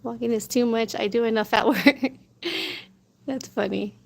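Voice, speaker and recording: A food vlogger chats casually outdoors at a moderate pace, her slightly high voice fairly even in intonation and edged with vocal fry. Wind and street noise surround her as she laughs often and relays what others said.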